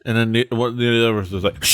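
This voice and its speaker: A man running a tabletop game as game master, describing scenes in a halting way full of fillers and restarts. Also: medium pitch, steady tone, no echo. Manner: hesitant, many fillers and restarts.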